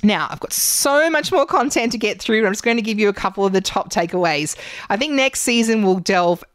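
Animated woman coaching in a dry studio. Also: mid-range voice, brisk, no room sound. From Australia. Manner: animated, gestures a lot while talking. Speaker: podcast host and public speaking coach. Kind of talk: solo podcast teaching. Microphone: studio microphone.

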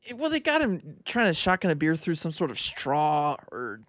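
A man co-hosting a casual sports radio show in a studio, asking quick, curious follow-up questions. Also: on the high side, wildly swooping pitch, a bit bright, no room sound. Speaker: radio co-host.

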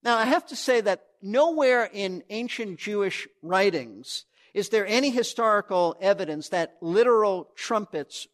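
A man's voice: high voice, expressive, unhurried, hardly any pauses, fairly bright tone. A pastor preaching a sermon to his church, earnest and emphatic, often restarting a phrase as he teaches.

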